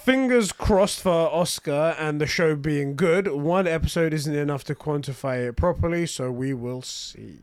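British man, jokey podcast co-host, a bit higher voice, dry close sound. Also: moderate pace, few pauses, clear, resonant tone, dry recording. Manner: animated, jokey, swears for emphasis. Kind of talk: casual chat, reading viewer comments.

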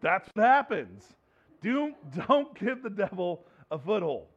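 A man's voice: high-pitched, sing-song, a little slow, a bit bright, lo-fi sound. A man preaching a sermon, earnest, often repeating himself and restarting his sentences. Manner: earnest, repeats words and restarts, laughs between points. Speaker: pastor.

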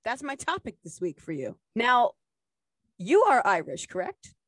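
An American woman co-hosting a podcast in casual chat, telling stories in a chatty, animated way. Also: on the high side, a little slow, breathy edge, dry recording. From United States. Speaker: podcast co-host.

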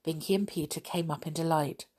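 A woman reading a children's story aloud in a gentle, expressive way. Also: sits low, brisk, husky. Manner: gentle, expressive, with soft laughs.

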